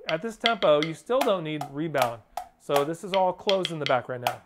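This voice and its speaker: A slightly high, animated male voice leads a step-by-step drum lesson at a moderate pace. The instructor is patient and plain, counting beats and calling stickings aloud while a clear clicking noise runs underneath.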